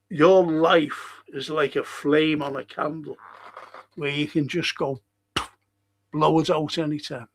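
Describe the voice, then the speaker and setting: A man hosting a talk show, giving an impassioned monologue and reciting verse with slow, emphatic delivery and dramatic pauses. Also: on the high side, fairly even intonation. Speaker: radio show host.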